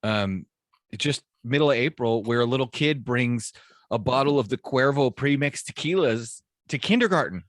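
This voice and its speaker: A man's voice: mid-range voice, expressive, moderate pace, no room sound. A man, a podcast co-host, chiming in with wry asides in casual chat. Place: podcast studio.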